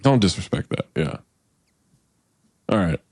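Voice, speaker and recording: A man's voice: sits low, animated, measured pace, a little mellow, slightly rough, no echo. A man co-hosting a casual movie podcast, with a voice that swings up and down as he jokes. He laughs easily and swears freely. The sound is close and dry. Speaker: podcast co-host.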